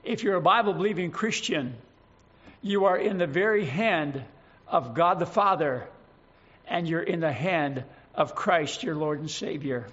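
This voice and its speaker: A man preaching a sermon, earnest and emphatic, slowing down to stress scripture verses. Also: on the high side, expressive, fairly bright tone, breathy edge, lo-fi sound.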